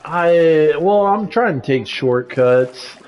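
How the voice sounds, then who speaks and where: A man's voice: fairly high pitch, expressive, slow pace, dull audio. A man chatting casually while building in a video game, hesitant with lots of fillers, swearing at the game when it goes wrong. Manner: frustrated, hesitant, many restarts and fillers. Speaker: streamer playing a building game. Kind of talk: casual chat while gaming.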